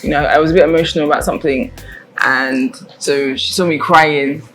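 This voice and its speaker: A young adult woman co-hosting a casual chat, speaking softly and quietly. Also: low voice, fairly even intonation, brisk, slight background noise, poor audio. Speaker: podcast co-host.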